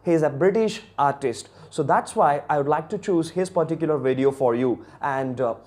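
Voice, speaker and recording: A man's voice: on the high side, normal speed, darkish tone. A man with an Indian accent giving a chatty video lesson on English accents, talking straight to viewers with many fillers.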